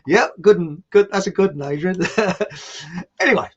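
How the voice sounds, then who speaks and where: Husky man hosting a rambling show. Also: high-pitched, expressive, normal speed, highs cut off. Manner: jokey, laughs at his own quips, reads out viewer comments. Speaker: online show host. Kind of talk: casual rambling live-stream talk.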